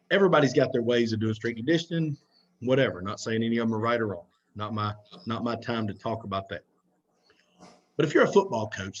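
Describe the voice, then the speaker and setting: Husky man coaching over slides. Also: mid-range voice, dull audio. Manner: conversational, direct, repeats himself. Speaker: football coaching instructor. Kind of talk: recorded presentation over slides.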